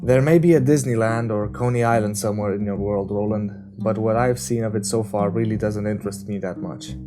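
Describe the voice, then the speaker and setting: A man reading aloud voices a sardonic young man who jokes and mocks, his voice pushed a bit higher and louder than the narration. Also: a little fast, lightly acted. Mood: reflective. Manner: sarcastic, joking, louder and higher. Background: guitar music.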